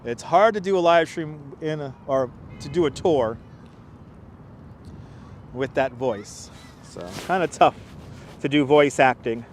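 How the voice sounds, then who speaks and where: A talkative man hosts a walking livestream from a chilly city park, his voice pitched a little high for a man. He chats loosely, laughs often and reads out viewer comments as he goes. Faint street traffic hums behind his clip-on mic. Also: measured pace, pauses often. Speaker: livestream host and tour guide. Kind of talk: casual walking livestream chat. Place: outdoors in a city park at sunset, cold. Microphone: wireless clip-on mic.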